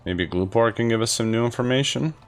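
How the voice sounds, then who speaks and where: A man giving relaxed, joking commentary while playing a video game. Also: mid-range voice, fairly quick. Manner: relaxed, joking asides, mumbled. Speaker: gaming channel host. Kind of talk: casual gameplay commentary. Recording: commentary over faint game music.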